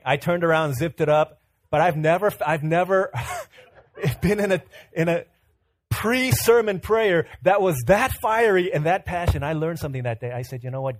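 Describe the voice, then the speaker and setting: A man's voice: normal speed, dry recording. Man preaching with a dry close sound. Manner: storytelling, animated, self-mocking humor; earnest, lower and quieter when exhorting. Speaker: pastor. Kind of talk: sermon with humorous stories.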